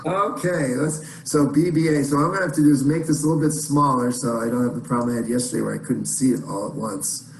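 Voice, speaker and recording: A man's voice: mid-range voice, steady tone, fast talker, creaky, few pauses. A man teaching chant in an online lesson, explaining in plain words between short sung phrases. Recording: roomy echo, faint noise.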